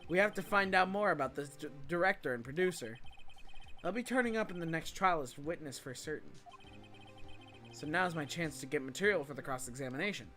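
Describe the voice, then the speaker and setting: A man's voice: on the high side, expressive, fairly quick, bright, forceful tone, soft background music. A man reading an earnest young lawyer. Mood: plain. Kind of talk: fan voice-over of a game.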